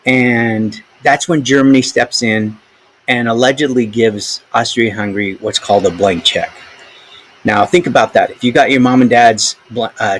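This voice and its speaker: A man's voice: mid-range voice, a bit bright, poor audio. A man teaching a history lesson to students, conversational and full of asides and filler words. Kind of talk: recorded classroom history lesson.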